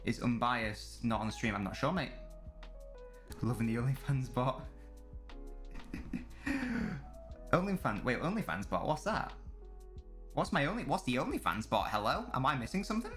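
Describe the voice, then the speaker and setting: A man's voice: medium pitch, very animated, a little fast, a bit bright, faint music behind. A young man, a live streamer, chatting casually and swearing as he reads and answers messages from his chat during a football watch-along.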